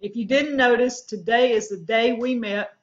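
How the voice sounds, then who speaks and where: A woman's voice: a little high, normal speed. Chatty woman, muffled stream. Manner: chatty, giggly, reads viewer names. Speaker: homestead channel co-host. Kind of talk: casual livestream chat.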